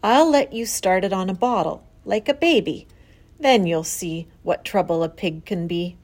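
A woman reading the part of a gentle but firm farmer father in a storybook, calm and measured. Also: mid-range voice, lightly acted. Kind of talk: storybook read-aloud.

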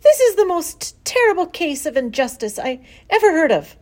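A woman voicing a passionate, stubborn eight-year-old farm girl in a storybook read-aloud, crying out in shrill pleas. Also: sing-song, normal speed, a little mellow. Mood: distraught, pleading. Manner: shrill pleading cries.

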